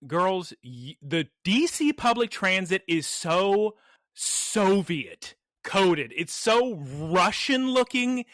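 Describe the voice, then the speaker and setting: A man with a high, bright voice co-hosts a casual podcast chat. He tells stories with playful, animated energy. The sound is close and dry. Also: slow, dry recording. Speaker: podcast co-host.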